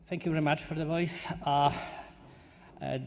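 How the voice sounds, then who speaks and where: A man with a Polish accent addresses a party conference, stopping often to find his words but pressing on earnestly. His voice sits a little high, and it rings out through a large hall with a long reverb. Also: little pitch movement, darkish tone, slight background noise. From Poland. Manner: halting, searching for words, earnest. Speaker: conference delegate speaker. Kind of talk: conference speech.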